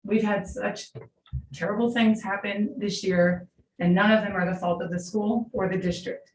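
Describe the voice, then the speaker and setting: Public comment at a school board meeting comes from a middle school teacher in her 40s with years of experience, who tells an earnest, heartfelt story without a script. She speaks with medium pitch, fairly even intonation and a moderate pace. The large room sounds echoey, the mic is distant, and there's faint hiss.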